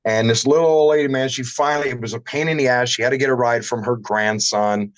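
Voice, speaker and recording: A man's voice: mid-range voice, steady tone, quick pace, no echo, lo-fi sound. A man who runs a shower door shop, chatting casually on a livestream and telling rambling anecdotes with some salty language.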